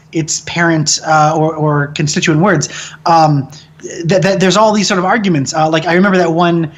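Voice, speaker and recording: A man in his thirties with a fairly high voice, chatting as an interview guest. He talks in an animated, opinionated way, swears freely and mimics other people with mocking voices to make his point. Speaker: film director and guest. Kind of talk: casual interview chat.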